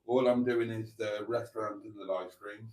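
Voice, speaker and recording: A man's voice: fairly low pitch, fairly even intonation, normal speed, darkish tone. A middle-aged man, chatting casually on a live stream and reading viewer comments aloud with playful asides.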